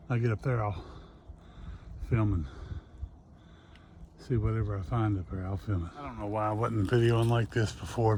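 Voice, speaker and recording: A man, filming outdoors on a phone as he climbs a hill, rambling in a folksy way about the landmarks below and a bit out of breath. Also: fairly low pitch. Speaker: hiker filming his walk. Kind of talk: casual handheld vlog narration. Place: outdoors on a hillside. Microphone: phone held by the speaker. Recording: outdoor phone recording with noise.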